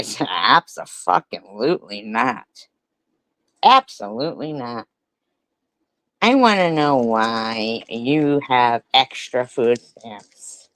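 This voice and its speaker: A woman's voice: very deep voice, no echo, low-quality recording. A woman giving angry, profane reaction commentary, ranting and hurling insults back at a clip she is watching. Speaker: commentary streamer.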